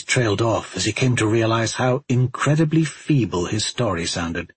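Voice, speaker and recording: A man narrating a fantasy novel in a measured storytelling voice. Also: on the low side, breathy edge, no echo. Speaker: audiobook narrator.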